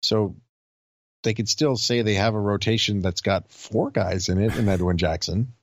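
A man's voice: lowish voice, moderate pace, no room sound. A man co-hosting a podcast in casual sports chat, making dry, sardonic quips. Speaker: podcast co-host.

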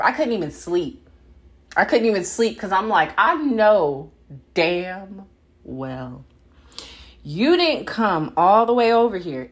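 A young adult woman hosting a solo podcast, talking bluntly and profanely in an animated, laughing monologue. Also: medium pitch. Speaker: podcast host.

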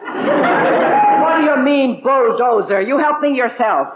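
A performer playing a blunt, bossy, sharp-tongued aunt in a 1950s radio sitcom, on a dull old broadcast recording. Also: female voice, high voice, huge pitch swings, takes it slowly, reverberant, very noisy, full character voice. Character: brash, bossy elderly aunt, heavyset and blunt.

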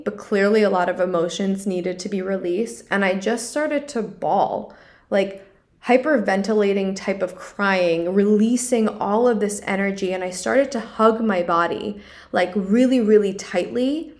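Earnest young woman sharing a personal story. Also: medium pitch. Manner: earnest, confessional, many "like" fillers. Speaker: podcast host. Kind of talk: personal reflective monologue.

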